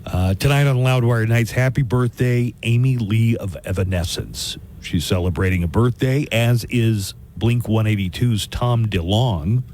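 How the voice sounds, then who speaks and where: A man with a fairly low voice hosts a radio show, chatting loosely and joking between songs. He wanders into rambling asides. There is faint ambience behind him in the studio. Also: measured pace, few pauses, a little mellow, slight background noise. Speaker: radio host. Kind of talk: casual on-air chat. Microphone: studio microphone.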